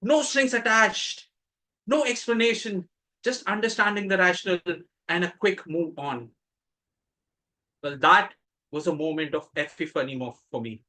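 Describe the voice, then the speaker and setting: A middle-aged man from India with an Indian English accent, giving a prepared contest speech with dramatic pauses and emphatic rises. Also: sits high, pushed and bright, rough recording. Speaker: contest speaker. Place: club meeting room.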